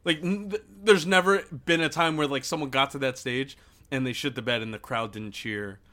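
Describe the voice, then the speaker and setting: A young man co-hosting a podcast, telling stories in a profane, excitable casual chat. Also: mid-range voice, brisk. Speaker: podcast co-host.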